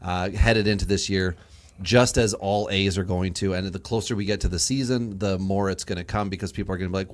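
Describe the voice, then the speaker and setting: A man with a fairly low voice hosts a casual sports podcast. He cuts in with dry one-word quips, then walks through the rankings in a steady, orderly way. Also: brisk. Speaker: podcast host.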